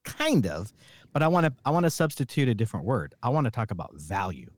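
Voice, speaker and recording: Lively middle-aged man, animated storyteller. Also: medium pitch, fast talker, dry recording. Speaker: podcast host. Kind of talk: casual chat.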